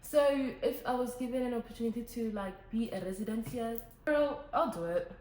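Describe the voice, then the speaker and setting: Young woman, casual chat to camera, animated, echoey room. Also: on the high side, a little fast. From Botswana. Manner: chatty, animated, switches languages. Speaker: vlogger. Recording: echoey room, faint ambient noise.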